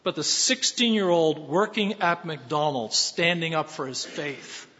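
A man preaching a sermon as pastor, earnest and building to emphatic shouts. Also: high voice. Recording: dull sound with long hall reverb.

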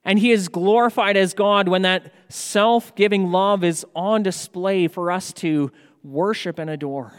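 A man preaching a sermon as pastor, slow and measured, with emphatic rises on key words. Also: high-pitched, clear, resonant tone. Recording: long hall reverb.

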